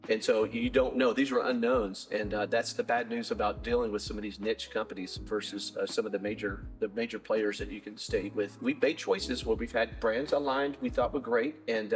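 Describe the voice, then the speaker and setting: A middle-aged man, a bike shop owner, answering interview questions in a rambling way, full of restarts and fillers. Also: fairly low pitch.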